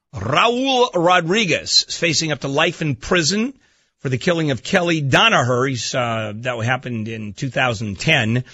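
Male radio talk host, bright and animated, emphatic delivery, dry studio sound. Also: on the high side, no echo, lo-fi sound. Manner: emphatic, pointed. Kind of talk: radio commentary. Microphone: studio microphone.

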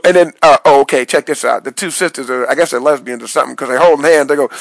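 A man telling a wild dream story as a casual vlog monologue, excitable and swooping between high yelps and low mutters, in a small dry room. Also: quick pace, vocal fry, dry recording, low-quality recording. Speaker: vlogger recounting a dream.

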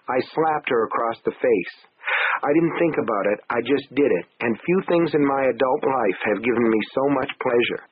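A man narrating a story in the first person, in a measured, grim telling. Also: mid-range voice. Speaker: audiobook narrator. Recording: tinny phone-like sound.

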